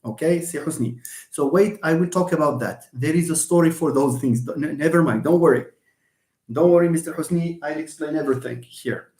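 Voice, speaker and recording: A man's voice: a little high, brisk, darkish tone, echoey room. A man teaching English pronunciation in a live online lesson, stressing words and repeating them for emphasis.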